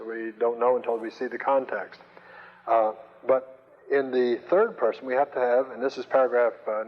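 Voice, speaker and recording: Man lecturing on Greek grammar, patient and halting, in a lo-fi recording with long reverb. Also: medium pitch. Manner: slow, patient, hesitant with many fillers. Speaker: Greek teacher.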